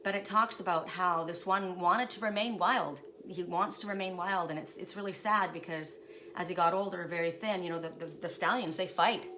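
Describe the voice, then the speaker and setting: A woman with a slightly low voice shares spiritual stories in a casual, rambling vlog. She talks with open emotion and keeps checking in with the listener by tacking "right?" onto her sentences. A faint hum sits behind her. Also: fairly even intonation, moderate pace, sharp tone. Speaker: spiritual guidance storyteller.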